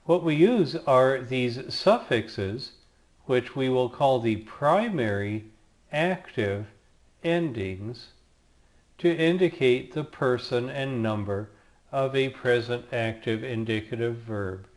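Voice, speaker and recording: Male teacher, slow measured pace, middle pitch, recorded grammar lecture, dry humor, careful step-by-step delivery. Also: animated. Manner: slow, deliberate, spells out endings one by one. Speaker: Greek teacher. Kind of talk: recorded lecture over slides.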